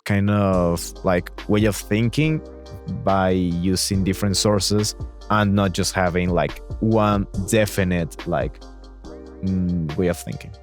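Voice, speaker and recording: A man's voice: sits low, fairly even intonation, slow, faint music behind. A young man from Mexico with a Mexican accent, hosting a casual podcast and rambling with "I mean" and "like".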